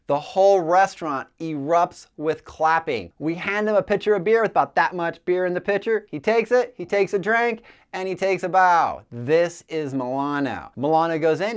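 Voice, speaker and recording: A man's voice: high voice, smooth. Enthusiastic man telling a ride story. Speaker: cycling channel host. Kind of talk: storytelling voice-over.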